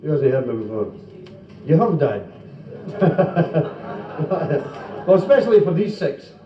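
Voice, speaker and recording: A man's voice: fairly high pitch, sing-song, slow. A Scottish man doing chatty live stand-up, telling jokes to a club audience. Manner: chatty, acts out stammering characters in jokes. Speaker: stand-up comedian. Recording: roomy, distant, dull 1970s live tape. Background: audience laughter.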